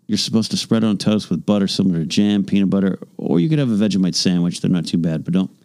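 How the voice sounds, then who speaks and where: A man's voice: deep voice, warm tone, dry recording, studio quality. A man co-hosting a comedy podcast, casually chatting and throwing in jokey references. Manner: jokey, quick with movie references and silly interjections. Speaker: podcast co-host.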